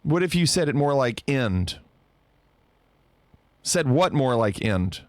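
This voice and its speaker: A male streamer chats playfully with his viewers at an unhurried pace. His voice sits at an ordinary pitch. The sound is close and dry. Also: very animated, no echo. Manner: playful, bantering about pronunciation. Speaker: live streamer. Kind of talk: casual chat with stream viewers.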